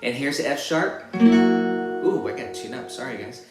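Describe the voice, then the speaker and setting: A man giving a casual guitar lesson, counting beats and singing rhythms as syllables in a relaxed, rambling way. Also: mid-range voice, brisk. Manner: sings rhythms as syllables while demonstrating on guitar; relaxed, rambling explanations with restarts. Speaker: guitar teacher. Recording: roomy room with loud guitar playing.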